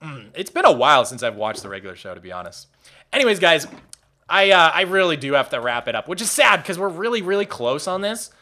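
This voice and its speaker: On a casual live stream, a young man speaks fast in a high-leaning, bright and forceful voice with big pitch swings. He goes on tangents, restarts his sentences a lot and laughs along the way.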